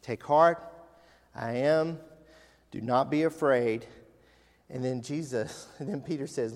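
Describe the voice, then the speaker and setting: A male pastor preaching an animated sermon, asking the congregation questions. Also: medium pitch, takes it slowly, long pauses. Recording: long reverb of a large hall.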